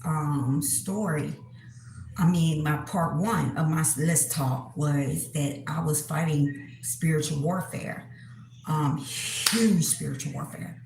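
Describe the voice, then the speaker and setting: A woman hosting her own channel, talking casually to viewers in a halting way, with many pauses and fillers and frequent throat-clearing. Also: sits low, a little mellow, reverberant, a little hiss or hum, rough recording. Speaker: spiritual reader, channel host. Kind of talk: casual monologue to camera.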